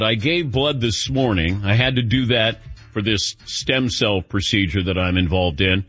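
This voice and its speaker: A sports radio host chatting casually, telling a self-deprecating story in an animated way while feeling lightheaded. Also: male voice, on the low side, normal speed, breathy edge, dull audio, soft background music.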